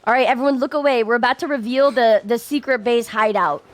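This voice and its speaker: A woman's voice: fairly high pitch, fast talker, faint music behind. A woman streamer reacting to a game, gushing and squealing with frequent laughter. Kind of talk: excited gameplay reaction.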